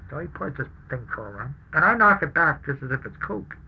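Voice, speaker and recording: A man's voice: a little high, very animated, fairly quick, vocal fry, husky, lo-fi sound. An older man, a war veteran, telling his wartime story in an oral history recording, acting out the dialogue and chuckling as he goes. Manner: anecdotal, acts out dialogue, chuckles.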